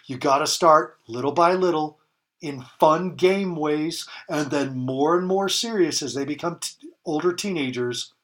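A man's voice: a little high, a little slow, fairly bright tone. A man in his fifties, a guest on a podcast, giving parenting advice in an emphatic way and repeating key phrases for stress. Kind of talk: conversational advice in a podcast interview.

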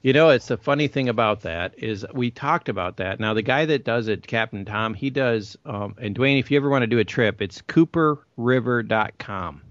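A man hosting a casual online chat, telling rambling, animated anecdotes with frequent restarts. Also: mid-range voice, moderate pace, hardly any pauses, no room sound. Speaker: podcast host. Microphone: call over the internet. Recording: muffled lo-fi online call.

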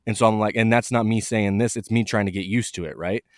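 A man chatting in a relaxed, rambling, self-deprecating way on a podcast. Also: lowish voice, fast, no echo, studio quality. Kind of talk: casual podcast talk.

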